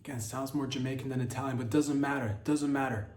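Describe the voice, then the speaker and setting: A man's voice: mid-range voice, fairly even intonation, quick pace, a little mellow. A man hosting a comedy podcast, riffing in a rambling, crude monologue packed with fillers and self-corrections. His voice sits mid-range, with a roomy echo around it. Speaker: podcast host.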